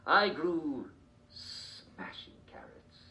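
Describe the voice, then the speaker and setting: An actor playing an eccentric, mad old king in a video game TV sketch, rambling and giggling with shrill outbursts. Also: lively intonation, very slow, bright, forceful tone, slight background noise, full character voice.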